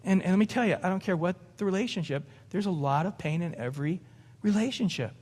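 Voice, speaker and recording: A man's voice: high-pitched, lively intonation, fast, darkish tone. Man preaching in a reverberant hall. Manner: conversational preaching with laughs and acted-out quotes. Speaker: pastor. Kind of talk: sermon. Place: church sanctuary.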